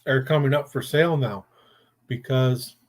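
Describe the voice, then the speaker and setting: A man's voice: mid-range voice, normal speed. An older man, a grandfather, hosting a casual chat show and telling rambling stories in a blunt, profane way. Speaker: podcast host.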